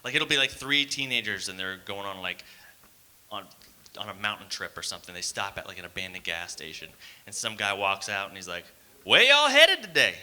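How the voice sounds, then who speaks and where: A man's voice: sits low, brisk, pushed and bright. A young man doing a stand-up comedy set on a theater stage, talking casually and rambling with fillers and asides to the crowd.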